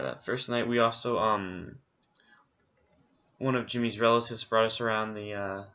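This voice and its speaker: A man's voice: medium pitch, sharp tone, dull audio. A man co-hosting a casual travel recap, rambling along with many fillers. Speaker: co-host recapping a trip.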